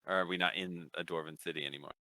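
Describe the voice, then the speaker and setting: A man's voice: sits low, steady tone, very fast, pushed and bright, no room sound. A man playing a tabletop game, easygoing and playful. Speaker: player.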